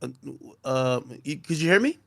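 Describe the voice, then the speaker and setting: A man's voice: fairly high pitch, very animated, normal speed. A man interviewing a guest on a casual stream, stammering through his questions with many restarts.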